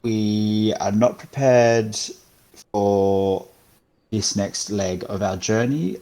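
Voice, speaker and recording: A man plays a seasoned adventurer in a tabletop game, speaking formally and gallantly. His voice sits on the low side. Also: dark tone, rough recording. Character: experienced, gallant male adventurer.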